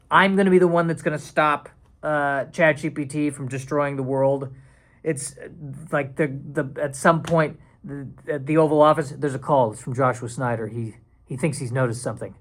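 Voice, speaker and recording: A man's voice: a little high, a bit bright. A man hosting a solo comedy podcast. He rambles in a self-deprecating way, restarts his sentences and now and then drops into silly put-on voices. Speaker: podcast host.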